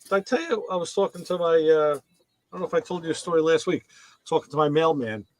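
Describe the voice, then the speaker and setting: A middle-aged man co-hosting a casual chat, telling stories in an animated way and acting out the dialogue. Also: fairly high pitch, quick pace. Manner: animated storyteller, acts out dialogue. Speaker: co-host. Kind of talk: casual car-hobby chat.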